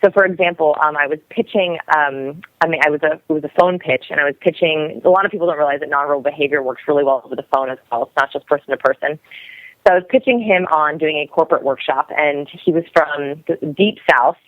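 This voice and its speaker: A young woman who talks quickly and energetically, explaining as a guest expert in a podcast interview. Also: deep voice, no echo. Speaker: guest expert on body language. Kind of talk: podcast interview over the phone. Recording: dry, tinny phone line.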